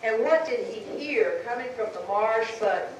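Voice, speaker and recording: A woman storyteller telling a folktale live to an audience, with dramatic, drawn-out phrasing. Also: on the high side, lively intonation. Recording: echoey room, far mic, background noise.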